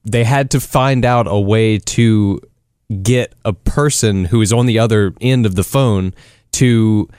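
A man's voice: on the low side, measured pace, a little mellow, clear, resonant tone, no room sound, clean studio sound. A man co-hosting a radio show, eagerly explaining technology in casual chat.

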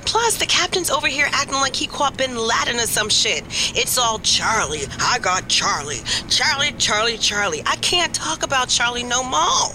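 A woman's voice: fairly high pitch, lively intonation, moderate pace, hardly any pauses, over music, lightly acted, poor audio. An actress playing a sassy, foul-mouthed woman who teases her friend over a video call. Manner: sassy, profane, teasing. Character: brash, foul-mouthed woman police station worker. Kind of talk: audio drama acting.

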